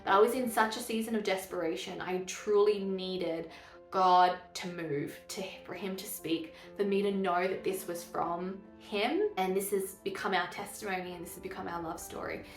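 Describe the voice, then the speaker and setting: A young woman telling her love story as a personal testimony, earnest and animated, acting out what was said. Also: medium pitch, normal speed. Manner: earnest, animated, acts out quotes. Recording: echoey room with faint music.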